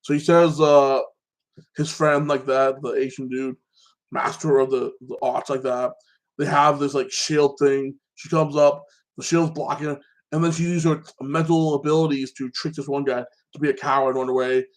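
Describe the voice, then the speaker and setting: A man excitedly recapping a movie in a casual chat, rambling and filling his talk with fillers. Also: mid-range voice, normal speed. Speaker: podcast host.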